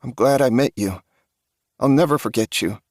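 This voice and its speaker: Tearful young woman survivor, soft and pleading, as a male narrator puts her on, voice raised well above his own, dry close sound. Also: mid-range voice, moderate pace, dry recording, voice pushed up, lightly acted. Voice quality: soft, pleading, sniffling delivery. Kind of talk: audiobook character voice.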